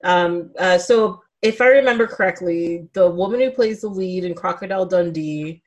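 A woman co-hosting a casual movie chat, talkative and laughing often, dropping into quiet asides. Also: fairly low pitch, normal speed. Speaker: podcast co-host.

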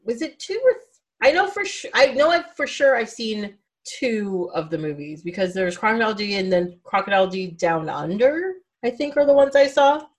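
A woman co-hosting a casual movie chat, talkative and laughing often, dropping into quiet asides. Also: medium pitch, expressive, brisk. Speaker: podcast co-host.

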